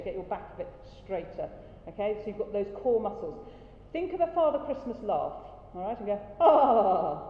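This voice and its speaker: A woman's voice: mid-range voice, a little hiss or hum. Woman coaching a choir in a hall. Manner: encouraging, brisk, demonstrates sounds. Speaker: choir director. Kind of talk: rehearsal coaching. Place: large rehearsal hall. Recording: dull roomy hall recording, faint ambience.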